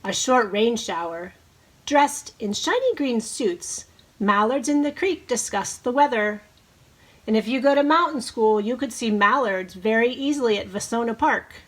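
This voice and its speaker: A woman teacher reading a picture book to young children, leading them in bird calls and counting with slow, encouraging delivery. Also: fairly high pitch, animated. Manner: slow, encouraging, leads bird-call imitations. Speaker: preschool teacher.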